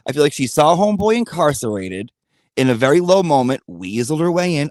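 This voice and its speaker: A man's voice: on the high side, very animated, fairly quick, darkish tone, no echo, clean studio sound. A man telling a blunt, profane gossip story in a rambling rant-style monologue. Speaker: channel host.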